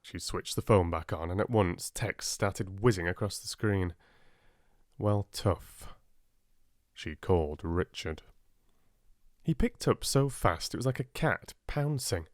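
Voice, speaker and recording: A man calmly narrating a relaxing audiobook for sleep, close to the mic. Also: low voice, measured pace, no echo.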